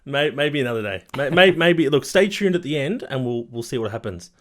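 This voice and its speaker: Man, podcast co-host, teasing and relaxed, mid-pitched. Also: a little fast. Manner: teasing, easygoing. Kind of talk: casual comedic chat.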